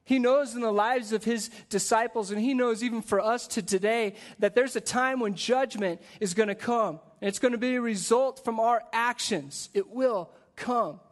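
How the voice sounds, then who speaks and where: A man preaching a sermon in a conversational way, asking rhetorical questions and dropping soft and slow on solemn points. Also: very high voice. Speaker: pastor.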